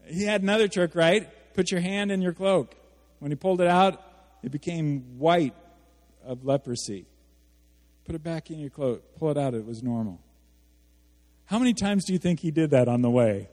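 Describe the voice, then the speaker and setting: A man preaching a sermon as a pastor, animated, asking his congregation questions and acting out the quotes he reads. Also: fairly high pitch, moderate pace. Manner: animated, asks the audience questions, acts out quotes. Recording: hall reverb.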